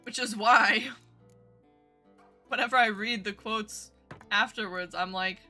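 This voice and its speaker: A woman's voice: mid-range voice, takes it slowly, pushed and bright. A young woman streaming a game, chatting casually with her viewers in a rambling, giggly way. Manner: giggly, rambling, talks to chat. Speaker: VTuber streamer. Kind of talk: casual live-stream chat. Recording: gaming stream with game music.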